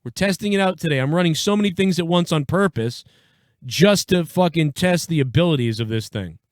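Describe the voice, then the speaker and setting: A man's voice: a little high, fairly quick, dry recording, clean studio sound. Profane rambling call-in show host man. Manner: profane, rambling, laughs easily. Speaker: live show host taking calls. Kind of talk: casual live call-in show.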